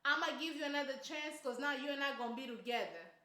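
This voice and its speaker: A stubborn, angry husband who will not budge, as a woman puts him on. The voice drops low and drags slowly, with an echoey room around it. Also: lively intonation, sharp tone.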